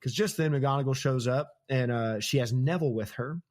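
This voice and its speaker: A man's voice: mid-range voice, fairly quick, a little mellow. A young American man hosting a podcast, casually retelling book chapters and laughing often. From United States. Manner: laughs often, paraphrases scenes in slangy voices. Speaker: podcast host. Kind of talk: casual book-discussion chat.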